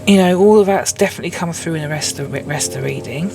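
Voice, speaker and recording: Chatty woman with a gravelly voice. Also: low-pitched, rapid-fire, mellow, soft background music. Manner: chatty, rambling, self-mocking asides. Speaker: tarot reader. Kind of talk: casual tarot reading ramble. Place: indoors at a table with cards.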